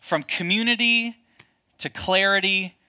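A man preaching a sermon as a pastor, addressing his congregation with lively rhetorical questions. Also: high voice, unhurried, clear, resonant tone.

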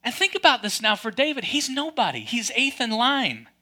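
Bright-voiced man preaching a lively sermon. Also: very high voice, normal speed. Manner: lively, conversational, joking asides. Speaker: pastor.

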